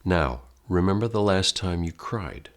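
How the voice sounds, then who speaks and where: A deep-voiced American man teaches acting online, talking straight to the viewer in a direct, theatrical manner as if before a class. His pitch ranges widely, and he sounds animated yet unhurried.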